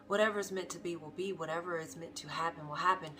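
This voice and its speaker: A woman coach giving a reflective self-care talk, slow and repetitive, sometimes dropping to a near whisper. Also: lowish voice, fairly even intonation, over music. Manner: slow, repeats phrases softly, drops to near whispers. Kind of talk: reflective motivational monologue.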